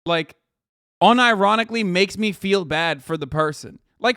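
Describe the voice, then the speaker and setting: A man's voice: high voice, expressive, normal speed, fairly bright tone, clean tone, no room sound, studio quality. A man in his thirties casually commenting on a video as a streamer, profane and mocking.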